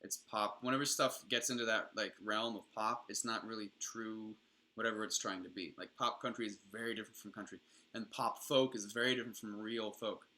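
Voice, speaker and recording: A man's voice: fairly low pitch, steady tone, fairly quick, bright, forceful tone. A young adult man streaming, rambling casually and enthusiastically with frequent swearing.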